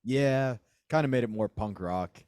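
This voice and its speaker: A man, a stand-up comedian co-hosting a podcast, talking in a dry, irritable, deadpan way. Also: mid-range voice, measured pace, clear, resonant tone, no room sound. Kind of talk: casual comedic chat.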